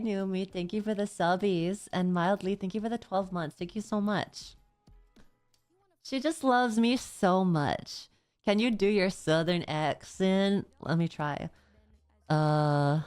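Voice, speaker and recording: A woman streamer with a lowish, darkish voice chats casually on a livestream and reads viewer confessions aloud. She often stammers and swears as she goes through the messages.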